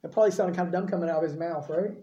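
A man's voice: fairly high pitch, steady tone, rapid-fire, warm tone, muffled recording. A man preaching a sermon in a conversational way, often putting questions to his listeners. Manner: conversational, asks the audience questions. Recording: roomy echo.

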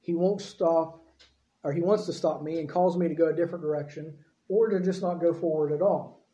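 Speaking fairly quickly, a male pastor gives a relaxed, conversational sermon, frequently checking in with the people listening. His voice is fairly high and mellow. The setting echoes like a church sanctuary, and the sound quality is dull and lo-fi.

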